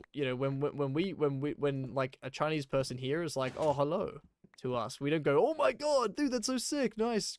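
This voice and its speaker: A man's voice: mid-range voice, clear, resonant tone. A man chatting casually and rambling while playing a game on a live stream, with many fillers.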